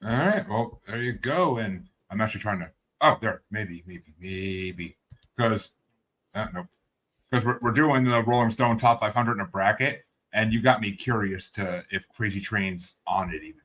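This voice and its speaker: A man's voice: lowish voice, expressive, normal speed, fairly bright tone. A man hosting a music podcast, chatting casually and animatedly. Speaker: podcast host.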